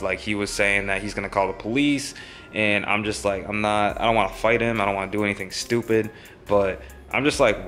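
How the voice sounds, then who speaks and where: A man's voice: on the low side, normal speed, fairly bright tone, faint music behind. A young man vlogging, telling a story in a rambling, casual way with many fillers.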